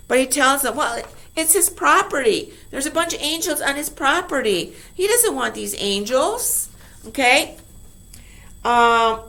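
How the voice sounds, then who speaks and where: A woman's voice: on the high side, fairly bright tone. A woman teacher explaining a poem to her class in a chatty way, often checking in with her listeners.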